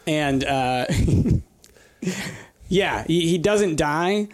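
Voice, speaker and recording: Rambling male game master, slightly high. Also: animated, drawn-out words. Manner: rambling, many fillers and restarts. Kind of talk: narrating a tabletop game.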